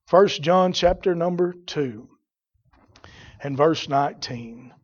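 Preacher guy, high voice, gets loud and shouty, folksy talk. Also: takes it slowly, highs cut off. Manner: rising to shouted fervor, folksy dialect. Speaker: pastor. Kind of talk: sermon.

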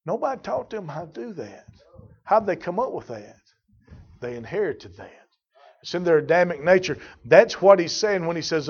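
An older man preaching a sermon in a folksy storytelling way, building to loud emphatic peaks. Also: fairly high pitch, lively intonation, normal speed, breathy edge. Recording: dull lo-fi sermon recording.

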